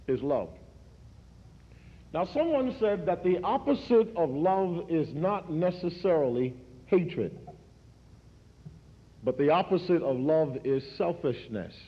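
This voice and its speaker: A man in his forties from New York, giving a speech in a preacher's rhythmic cadence that repeats words and climbs in pitch. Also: animated, slow, long pauses. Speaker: speaker at a commemoration. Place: large hall. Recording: echoey hall, dull archival recording.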